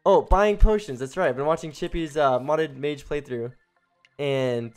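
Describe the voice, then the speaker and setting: A young man giving casual, rambling commentary as he streams a video game, breaking into excited exclamations and cutting himself off mid-sentence. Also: fairly high pitch, a little slow, smooth. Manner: chatty and rambling, with excited exclamations and self-interruptions. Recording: faint game music behind.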